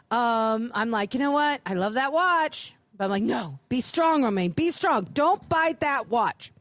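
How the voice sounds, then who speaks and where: Woman, high voice, big swooping pitch, dry close sound, profane animated storyteller. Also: no echo. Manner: profane, acts out dialogue with big pitch jumps. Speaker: podcast co-host. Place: live show on a cruise ship.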